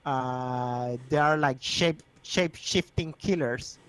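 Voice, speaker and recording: A man narrating a tabletop game as game master, with halting, filler-heavy delivery. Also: mid-range voice, fairly bright tone, smooth, poor audio.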